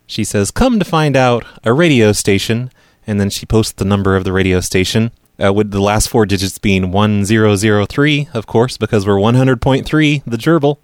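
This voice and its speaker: Lowish guy, deadpan prank show host, dry close sound, kinda needling. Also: brisk, few pauses, no room sound. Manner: deadpan, provoking. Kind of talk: casual storytelling and prank calls.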